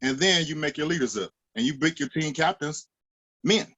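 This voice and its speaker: A former linebacker, talking emphatically in a roundtable chat and jumping higher in pitch when he acts out other people. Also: animated, normal speed, pushed and bright.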